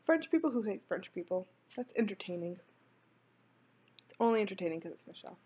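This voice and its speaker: A young woman talks through her game build in a loose, rambling way, with lots of restarts and little asides. Her voice sits at a middle pitch. The recording is slightly muffled and lo-fi. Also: very animated, a little fast, mellow, husky. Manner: rambling, chatty, self-correcting. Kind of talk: casual voice-over commentary.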